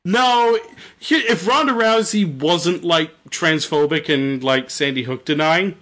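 A man's voice: a little high, unhurried, a bit bright. A man casually retelling a video game story, rambling and jokey with lots of fillers. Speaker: storyteller host.

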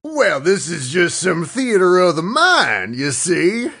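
A man's voice: on the high side, big pitch swings, slow pace, creaky, a bit bright, husky, no echo, studio quality, full character voice. A man voicing a laid-back cowboy in improvised comedy, with an easygoing drawl and folksy phrases. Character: laid-back adult male cowboy, a rambling storyteller. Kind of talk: improvised comedy role-play.

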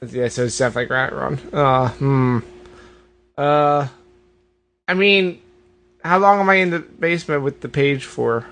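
A man's voice: mid-range voice, moderate pace, pauses often, fairly bright tone. A man on a casual comedy podcast, firing back incredulous questions and wisecracks. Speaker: podcast co-host.

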